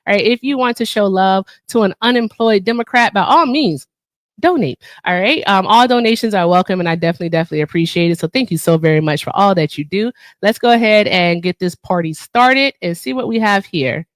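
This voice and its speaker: A woman's voice: mid-range voice, fairly quick, no room sound, studio quality. Playful chatty woman livestream host. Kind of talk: casual livestream chat.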